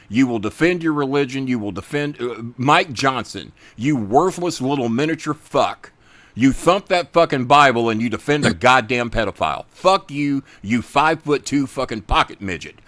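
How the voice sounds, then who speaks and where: A man's voice: mid-range voice, no room sound. Angry, foul-mouthed male podcast host. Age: middle-aged. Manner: angry, profane, loud, talks to chat viewers. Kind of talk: profane political rant and casual chat.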